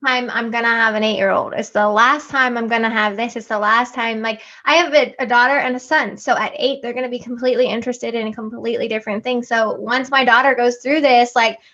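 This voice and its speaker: A woman's voice: on the high side, fairly even intonation, fairly quick, hardly any pauses, pushed and bright. A woman in her thirties chatting casually and emotionally about her kids as a podcast co-host. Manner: chatty, emotional, laughing often. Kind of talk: casual chat. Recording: lo-fi muffled audio.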